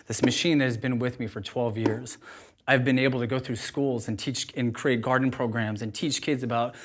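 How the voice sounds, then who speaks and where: A man speaks to a live audience in an informal, energetic way. His voice sits in a middle register for a man, and he is candid and quick to laugh at himself. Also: mid-range voice. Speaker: juice bar owner giving a talk.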